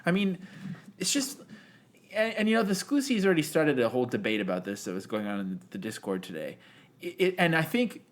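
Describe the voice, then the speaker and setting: A man's voice: fairly high pitch, sing-song, brisk. A young man as a guest on a podcast, chatting casually and animatedly, laughing and swearing as he talks.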